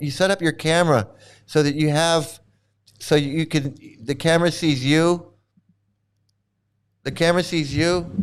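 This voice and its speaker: Rambling, laughing male host. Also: a little high. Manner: rambling, stammering, laughing often; mocking. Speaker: channel host. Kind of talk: casual livestream chat.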